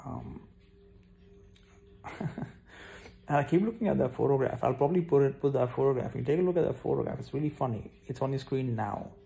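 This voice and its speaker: A man's voice: mid-range voice, a little fast, creaky, long pauses, warm tone. A young man vlogging casually to camera, rambling and self-mocking, tired and yawning now and then. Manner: scattered, self-mocking, talks straight to viewers.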